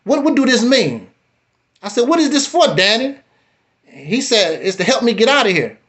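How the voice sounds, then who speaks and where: Lively, high-voiced man telling a story. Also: moderate pace. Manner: animated, repeats himself, laughs while telling; blunt and challenging in argument. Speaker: guest telling his life story. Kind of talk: casual storytelling on a live stream.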